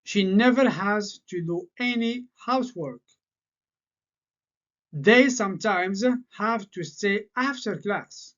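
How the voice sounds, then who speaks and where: A man whose first language is French, teaching an English grammar lesson and laying out word-order patterns slowly and deliberately. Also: sits high, fairly bright tone. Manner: slow, deliberate explaining with repeated patterns. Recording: slightly dull lo-fi sound.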